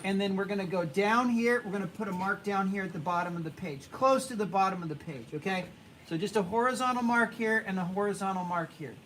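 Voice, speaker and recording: A young man teaching a drawing class, talking casually and haltingly, repeating himself and hushing the students. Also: high voice, slight background noise, rough recording. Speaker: art teacher.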